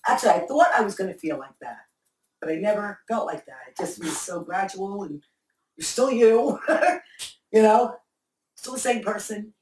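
A middle-aged woman speaking candidly in an interview, halting and repeating herself as she answers. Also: medium pitch, lively intonation, a little mellow, slight background noise. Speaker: interviewee, mother of the host. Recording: echoey room, mic far off.

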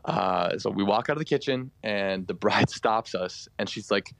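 A man's voice: fairly low pitch, normal speed, gravelly, hardly any pauses. A young man telling a long story in a voice message, rambling with many fillers and laughing through it. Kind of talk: casual storytelling.

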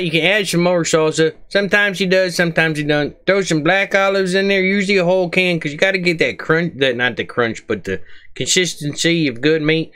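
A man with a bright, crisp voice, pitched a little high, rambling through comic reaction commentary. His folksy grumbling wanders off into side talk before he drags it back to the video.

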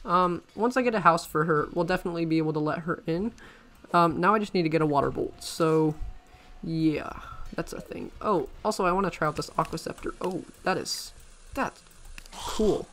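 A man giving let's-play commentary as a gaming channel host, excitable and rambling, often breaking into panicked exclamations. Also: on the high side, normal speed.

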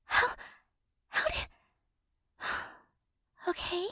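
A woman with a very high voice performs a whispered role-play, speaking slowly and softly right up against the microphone. She sounds flustered yet doting, stumbling over her words and sighing often. The sound is dry and close, with no room around it. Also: dry recording. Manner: soft, flustered, doting, with frequent stammers and sighs. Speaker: ASMR creator.

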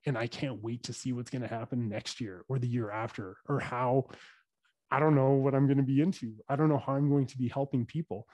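A man's voice: mid-range voice, steady tone, a little fast, dark tone, no room sound. A man telling a story as a dentist guest on a podcast, earnest and talking with fillers and restarts. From Canada.

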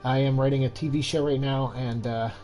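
A man's voice: mid-range voice, fairly even intonation, a little fast, mellow, faint music behind, low-quality recording. A young man with a cold, worn out and stuffed up, chatting casually to his stream at home while keeping his voice down and rambling with lots of fillers. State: exhausted. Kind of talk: casual game-stream chat. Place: home room at night.

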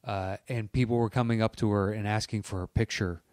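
A man co-hosting a podcast in casual chat, telling stories in a relaxed way and reading listener entries aloud. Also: on the low side, brisk, clean tone, dry recording, studio quality. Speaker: podcast co-host.

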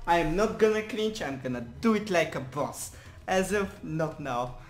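A man's voice: a little high, animated, normal speed. A young man hosting a gaming video, who keeps collapsing into laughing fits as he tries to get through an intro. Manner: giggly, keeps breaking into laughing fits while trying to record an intro. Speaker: gaming channel host. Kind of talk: casual gaming banter.

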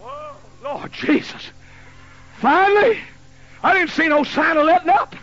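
A man in his fifties preaching a sermon in a folksy storytelling way that builds to shouting, on a dull lo-fi recording. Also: very high-pitched, measured pace, no echo. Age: 50s. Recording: dull lo-fi recording with faint hiss.

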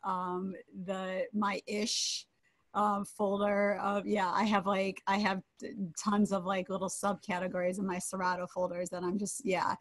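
A woman's voice: medium pitch, flat delivery, unhurried, dry recording. A woman DJ chatting casually on a video call, rambling with frequent laughter. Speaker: DJ co-host.

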